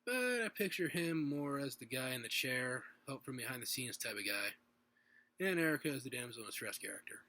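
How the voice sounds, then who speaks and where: A man's voice: mid-range voice, animated, fairly quick, bright, forceful tone. A man voicing a casual, friendly adult male buddy in a home-recorded story reading, talking in a loose, raised voice.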